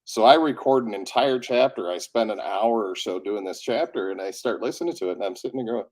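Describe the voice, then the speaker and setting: Low-voiced man with a cold. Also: fairly quick, hardly any pauses. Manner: animated storyteller who acts out quotes. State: has a cold, coughing. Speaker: audiobook narrator. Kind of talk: casual chat.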